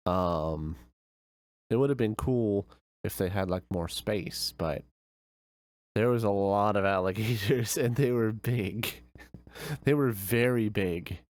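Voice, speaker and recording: A man's voice: lowish voice, slow pace, pauses often, darkish tone, dry recording. A young man streamer telling a vacation story in casual, rambling chat with many fillers.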